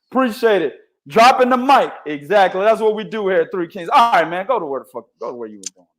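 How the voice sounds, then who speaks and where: This podcast co-host has a high voice, speaks at normal speed, and leaves long pauses. On a casual boxing podcast, he tells stories in an animated, profane way packed with slang.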